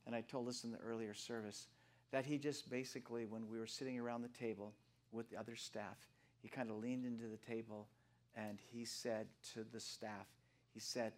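A man of seventy preaching a casual, animated sermon, joking with the congregation and swinging from soft to loud. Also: mid-range voice. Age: 70s. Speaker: guest preacher.

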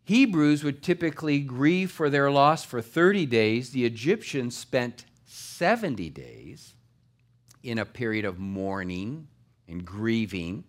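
A middle-aged man delivers a sermon in an easy, conversational pastor's manner. His voice sits at an ordinary pitch but moves up and down with lively emphasis as he speaks to his congregation. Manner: conversational preaching, rising and falling emphasis.

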